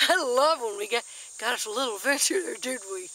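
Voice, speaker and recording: A woman, chatting in a folksy, easily excited way as she films bugs in her backyard garden on a handheld camera. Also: sits high, fairly quick, vocal fry, rough recording. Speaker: nature vlogger. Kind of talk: casual nature walk-and-talk.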